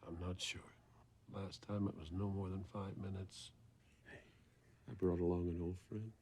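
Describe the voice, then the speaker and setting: An actor playing a gentle, soft-spoken elderly husband devoted to his wife. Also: sits low, level tone, normal speed, a little hiss or hum. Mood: tender. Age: older.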